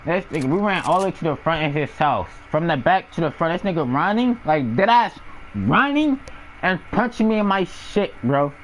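A man's voice: on the high side, big pitch swings, normal speed, slight background noise, rough recording. A young man telling personal stories in a casual, slangy way, often laughing and acting out the sounds of what happened. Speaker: storyteller. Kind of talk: casual storytelling.

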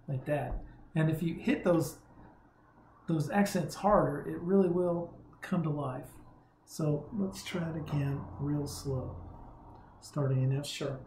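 A man giving a relaxed, conversational guitar lesson, sometimes humming rhythms aloud. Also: on the high side, a little slow, a little hiss or hum. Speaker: guitar teacher. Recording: roomy sound with guitar playing.

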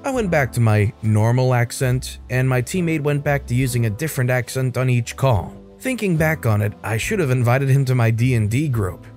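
A man's voice: mid-range voice, moderate pace, few pauses, darkish tone. Man narrating Reddit stories. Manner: reads stories aloud with brief commentary. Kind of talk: scripted Reddit story narration. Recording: faint music behind.

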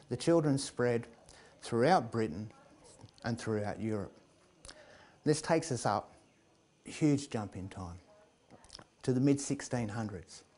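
A man telling a comic tale, lively and chuckling, building to loud climaxes. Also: medium pitch. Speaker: storyteller. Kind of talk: comic oral storytelling.

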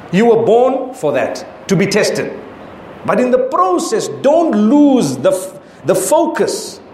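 A man's voice: very high-pitched, darkish tone, slight background noise. A middle-aged man giving a sermon as an Islamic preacher, emphatic and full of rhetorical questions. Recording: echoey hall with faint ambience.

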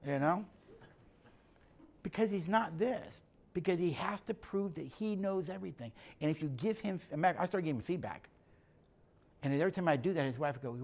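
A man's voice: fairly high pitch, fairly quick, vocal fry, a little mellow. Middle-aged man, conversational teaching storyteller. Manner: plainspoken storyteller, acts out dialogue. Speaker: speaker on emotional health and leadership. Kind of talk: conversational teaching talk with stories.

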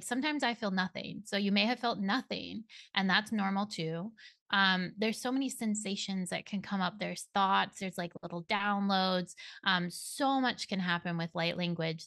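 Gentle woman guest with a gravelly voice. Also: mid-range voice, moderate pace, dry recording. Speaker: podcast guest, spiritual coach. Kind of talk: casual interview chat.

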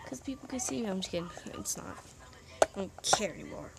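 In a casual vlog shot on her phone in her bedroom, a woman rambles in a moody, self-deprecating way, sometimes half whispering. Her voice is mid-range, a little fast, and creaky.

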